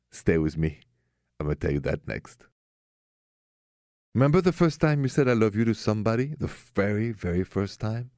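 A low-voiced French man hosts a radio show giving love advice, telling warm stories and speaking directly and frankly with callers. The recording is dry, with clean studio sound.

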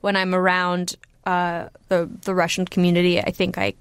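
A woman's voice: lowish voice, monotone, normal speed, smooth, no room sound. A woman born in Uzbekistan and raised in the US, chatting loosely and laughing often as a comedy-writer guest in a recording booth. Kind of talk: casual podcast chat.

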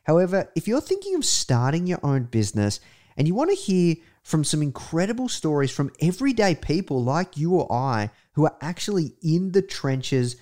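A man's voice: fairly high pitch, very animated, moderate pace, a little mellow. A man hosting a podcast, reading a promo and asking questions in an upbeat, conversational way. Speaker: podcast host. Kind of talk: interview host and ad read.

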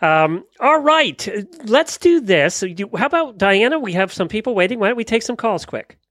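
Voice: medium pitch, expressive, moderate pace, fairly bright tone, no room sound, clean studio sound. A chatty radio host who laughs easily, interviews a guest and takes callers. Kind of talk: talk radio hosting.

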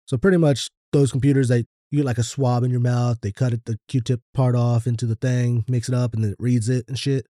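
A man's voice: medium pitch, flat delivery, a little fast, hardly any pauses, dark tone, dry recording, clean studio sound. A man co-hosting a podcast in casual chat, laid-back and swearing casually. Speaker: podcast co-host.

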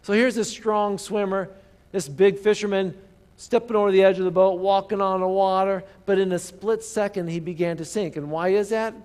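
Guy preaching a sermon, kinda high voice, gets loud then goes real quiet, keeps asking the crowd questions. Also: moderate pace, in a large hall. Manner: animated storytelling, swinging from loud emphasis to hushed asides; asks the congregation rhetorical questions. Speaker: pastor.

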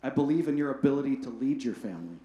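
A male pastor quoting Jesus in a soft, earnest voice during a sermon. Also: medium pitch, animated, very fast, echoey room, muffled recording, voice pushed down, close to an everyday voice. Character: gentle, reassuring Jesus, adult man.

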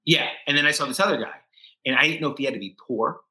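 A middle-aged man guesting on a podcast, with a bright, forceful voice. He tells his story with emotional restarts and often mimics the people he quotes. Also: fairly high pitch, fast, poor audio. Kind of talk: candid interview storytelling.

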